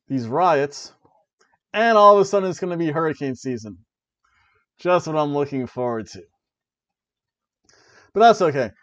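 A man with a slightly high voice rants his way through a casual wrestling review. His delivery is animated, sarcastic and jokey. The recording is dull and lo-fi, with a dry sound that has no room echo. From Florida, USA. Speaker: wrestling review podcast host.

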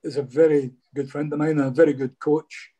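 A man's voice: on the high side, level tone, brisk, warm tone, slightly rough. A Scottish man, a former footballer, telling stories casually in an interview and often saying "mate". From Scotland. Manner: chatty, says "mate" a lot.

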